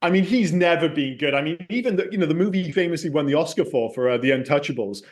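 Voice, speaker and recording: A man co-hosting a casual film podcast, talking in an animated, rambling way and swearing freely. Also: a little high, quick pace. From Scotland. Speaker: podcast co-host.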